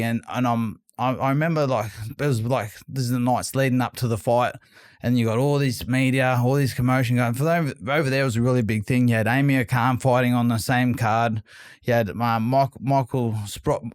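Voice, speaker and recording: A man's voice: medium pitch, normal speed, smooth, no echo, clean studio sound. A man from Australia, a former boxer, telling stories in a casual interview, repeating words and restarting often. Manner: rambling, repeats words and restarts, animated retelling. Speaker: guest, former boxing world champion.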